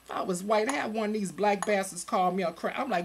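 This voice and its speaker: A vlogger in their forties delivers an angry, profane webcam rant into a home computer, swinging between loud outbursts and low muttering. The voice is gravelly and quick, over a noisy background.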